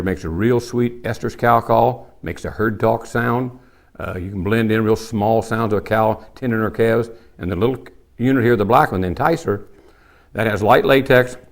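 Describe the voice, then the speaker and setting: Low-voiced, folksy older man teaching elk calls. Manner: folksy, plainspoken, demonstrates calls as he talks. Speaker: elk calling instructor. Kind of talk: hands-on calling tutorial.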